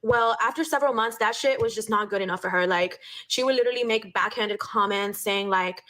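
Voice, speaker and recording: A woman's voice: mid-range voice, a little fast, few pauses, fairly bright tone. A young woman telling a casual storytime, blunt and profane, dropping Spanish phrases into her speech.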